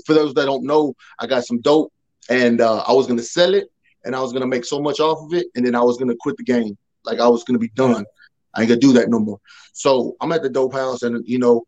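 A man who talks loud by nature, a podcast guest telling a personal testimony in casual slang and acting out the dialogue. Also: mid-range voice, lo-fi sound. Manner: loud, animated, acts out quoted dialogue.

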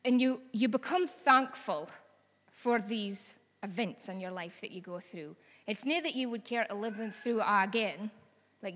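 A woman's voice: medium pitch, fairly bright tone, big-room sound. A woman with a Scottish accent preaching a sermon in a chatty, earnest way that rises to bold exhortation.

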